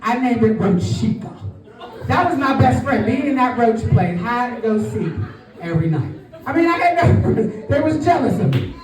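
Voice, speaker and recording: A woman's voice: a little high, sing-song, moderate pace, a little mellow. A woman doing a live stand-up comedy set in a club, brash and working the crowd. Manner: brash crowd work, calling out to the audience. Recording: roomy live sound, distant from the mic. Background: faint audience crowd.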